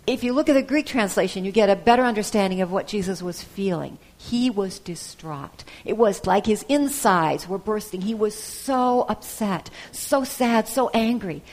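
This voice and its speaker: A woman preacher giving a sermon, retelling a gospel story with soft pauses and the odd hesitation. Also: mid-range voice.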